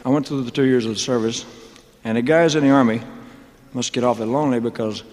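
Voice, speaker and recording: A man in his thirties holds forth from a stage in a loose, joking ramble, his mid-pitched voice carrying a long hall echo. He is a singer telling his own story, peppering every line with "man" and "you know". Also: quick pace, darkish tone.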